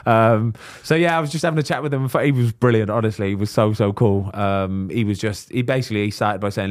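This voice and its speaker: A man's voice: fairly low pitch, a little fast, few pauses. A man on a podcast telling stories in casual chat, acting out what people said. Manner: animated storyteller, acts out quotes. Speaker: podcast host and footballer.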